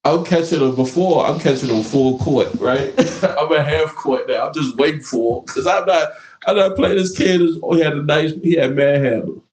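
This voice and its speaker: A man's voice: on the high side, moderate pace. A man hosting a live podcast, telling stories in casual, profane slang. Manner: animated storytelling, profane slang. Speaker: podcast host. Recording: echoey room with faint noise.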